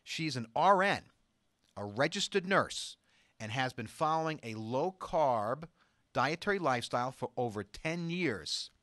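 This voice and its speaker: A man's voice: medium pitch, expressive, unhurried, pushed and bright, dry recording, clean studio sound. Emphatic male doctor hosting a talk show. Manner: emphatic and insistent, reads viewer emails aloud. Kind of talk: studio talk show monologue.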